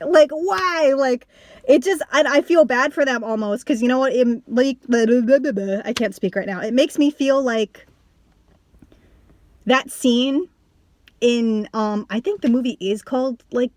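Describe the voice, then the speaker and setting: A young woman talks straight to camera in a loose, rambling way, filling her sentences with "like" and restarting often. Her voice sits a little high, and the sound is close and dry with no room around it. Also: measured pace, no echo. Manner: rambling, full of "like" and restarts, swearing; animated with bursts of laughter. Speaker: vlogger. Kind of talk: casual storytelling to camera.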